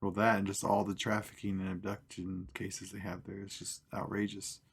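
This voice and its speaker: Podcast co-host, male, laid-back. Gravelly with a husky edge. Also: deep voice, monotone, normal speed. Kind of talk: casual chat.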